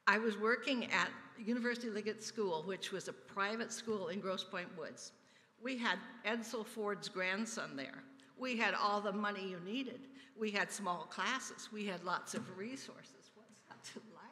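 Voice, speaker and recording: An older woman giving an earnest personal testimony during a church service, telling stories with soft laughs. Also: medium pitch, unhurried. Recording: reverberant church sanctuary.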